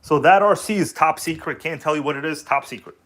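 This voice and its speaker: A man's voice: a little high, fairly quick, noisy background. Easygoing man chatting on a livestream. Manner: loose, joking, calls viewers "baby". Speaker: RC hobby livestream host. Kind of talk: casual livestream chat. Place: at home, kitchen table.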